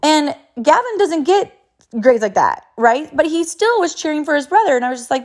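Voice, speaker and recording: A woman's voice: sits high, animated, moderate pace. A woman in her thirties, a mother telling a story about her sons to viewers in a chatty way, full of fillers and quoted voices.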